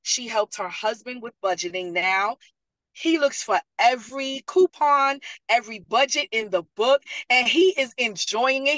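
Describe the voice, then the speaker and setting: A woman's voice: a little high, unhurried, no room sound, low-quality recording. A woman, a parent liaison telling stories in a casual panel talk and acting out what others said. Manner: animated storyteller, acts out quotes. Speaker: parent liaison and program graduate.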